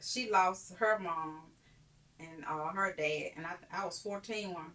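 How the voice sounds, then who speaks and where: A woman's voice: lowish voice, a little slow, pushed and bright. A woman co-hosting a podcast, chatting casually and emphatically, often repeating phrases for weight. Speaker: podcast co-host. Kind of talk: casual chat.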